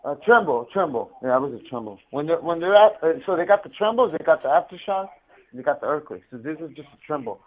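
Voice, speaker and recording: A man's voice: a little high, animated, fast. A man telling profane, laughing stories over a prison phone call. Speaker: incarcerated caller. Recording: tinny prison phone line.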